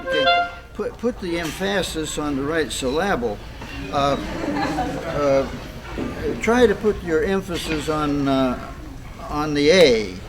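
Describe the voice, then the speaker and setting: A man's voice: fairly high pitch, lively intonation, slow pace, background noise. A man conducting a band rehearsal, counting off beats, scatting rhythms and making fussy, precise corrections. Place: rehearsal room with band playing. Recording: loud band music behind.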